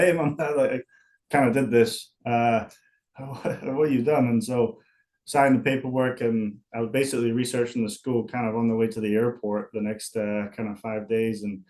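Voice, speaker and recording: A man's voice: mid-range voice, a little mellow. A young man with a Scottish accent, a football punter talking casually as a guest in an interview and rambling through many fillers and restarts.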